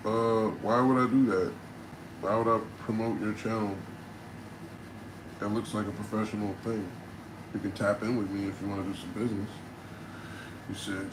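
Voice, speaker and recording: A New Jersey battle rapper with a fairly low-pitched voice speaks at a normal speed, pausing often as he replies to his livestream chat. He's blunt, laid-back and heavy on slang, and steady background noise runs under the recording.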